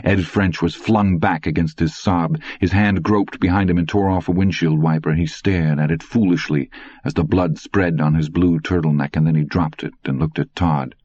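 Deep husky guy reading a thriller audiobook, dull dry sound. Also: fairly even intonation, moderate pace, a little mellow, no echo. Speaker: audiobook narrator. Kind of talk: dramatic audiobook narration.

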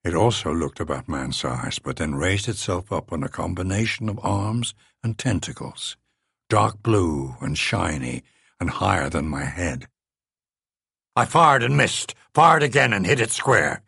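Slow, gravelly male audiobook narrator. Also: low voice, animated, sharp tone, dry recording, studio quality. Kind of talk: first-person audiobook narration.

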